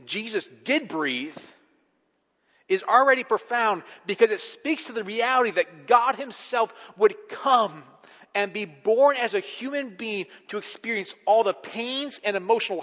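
A male pastor preaching a sermon, swinging from hushed reflection to emphatic, rising delivery. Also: high-pitched. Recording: long hall reverb.

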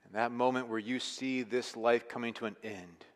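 A man preaching a sermon as pastor, emphatic, moving between hushed and forceful delivery. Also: medium pitch, steady tone, moderate pace. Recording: long hall reverb.

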